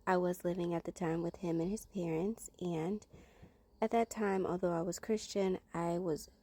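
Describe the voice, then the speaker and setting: A woman's voice: on the low side, steady tone, moderate pace, mellow, no echo. A woman earnestly telling her personal Christian testimony in a conversational way, acting out her own reactions as she goes.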